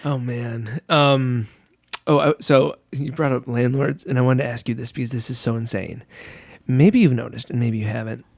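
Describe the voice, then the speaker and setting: A young man with a gravelly, mid-range voice hosts a podcast, chatting casually at a moderate pace. The clean studio recording has no room sound, and his storytelling rambles animatedly, heavy with fillers.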